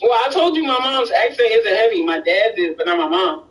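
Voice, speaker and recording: A man's voice: high-pitched, animated, brisk, fairly bright tone, far from the mic, poor audio. A man from Miami with a Miami accent, chatting casually and hesitantly, with frequent restarts and fillers. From Miami, Florida. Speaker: conversation partner. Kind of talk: casual chat.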